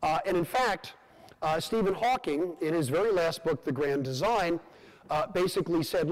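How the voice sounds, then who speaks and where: Guy giving a science lecture, fairly high voice, slow measured phrases, big echoey hall. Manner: measured, phrase by phrase with rhetorical pauses. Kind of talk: public lecture. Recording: long hall reverb.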